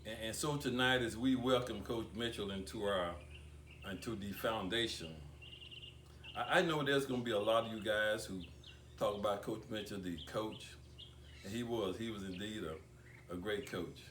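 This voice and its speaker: An older man delivers a tribute at an awards ceremony, his low voice moving slowly and stopping to repeat words. He sounds distant, as if heard from across a reverberant room. A faint hiss of background noise sits under the speech. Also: fairly bright tone. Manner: deliberate speaker who repeats words, with long pauses. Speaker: speaker giving a tribute. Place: banquet hall. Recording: echoey room picked up from far off.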